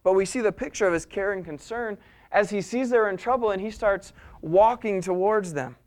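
A man preaching with a high, clear, resonant voice. He tells the scripture story with lively energy, dropping soft and then building loud and urgent. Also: normal speed. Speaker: pastor. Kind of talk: sermon.

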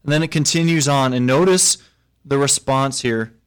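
A man preaching at a mid pitch for a man. He moves between solemn scripture reading and plain, conversational retelling. His volume rises and then drops almost to a murmur. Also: steady tone, normal speed, clear, resonant tone. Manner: reads scripture then explains in plain talk; swings from loud to very soft. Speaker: pastor. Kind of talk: sermon.

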